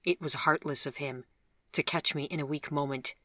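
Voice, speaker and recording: A lonely, regretful man speaks gently and earnestly, as the audiobook narrator voices him. The tone is bright and forward. The recording is dry and close. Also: a little high, steady tone, normal speed, no echo. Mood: gentle, earnest. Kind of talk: audiobook dialogue.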